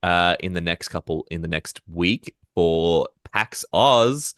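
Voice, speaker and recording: A man playing in the game who chats casually, hesitant with many ums and quick laughs. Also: deep voice, a bit bright, no echo, clean studio sound. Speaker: player and content creator. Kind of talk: casual chat.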